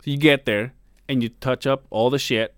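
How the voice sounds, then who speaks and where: A man who co-hosts a podcast and works in construction tells a work story in casual, profane chat, swearing a lot and staying animated. His voice is mid-range, clear and resonant at a moderate pace, in a dry, studio-quality recording.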